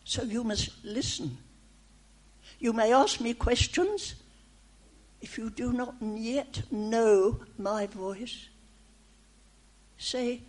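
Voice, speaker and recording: A woman giving a prophetic message in the first person as God, in slow, deliberate, reassuring short phrases that she often repeats. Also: fairly high pitch, darkish tone. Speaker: speaker delivering a prophetic message.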